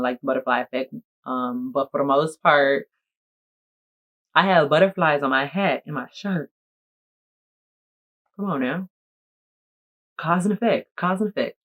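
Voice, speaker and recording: A woman content creator chatting casually to camera in a playful, jokey, animated way. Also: deep voice, highs cut off. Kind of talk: casual vlog talk to camera.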